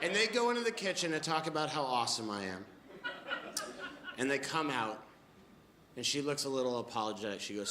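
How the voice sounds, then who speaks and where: A man in his late twenties telling a stand-up set, animated storytelling with mumbled asides. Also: mid-range voice, fairly quick, pauses often, roomy sound, background noise. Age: late 20s. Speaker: stand-up comedian. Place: comedy club stage before a laughing audience.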